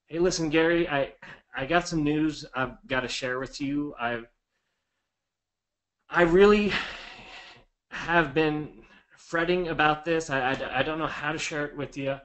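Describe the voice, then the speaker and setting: A man's voice: a little high, unhurried, long pauses, fairly bright tone. A man playing an apologetic, anxious real estate investor in a role-play demo, stammering and sighing as he breaks bad news.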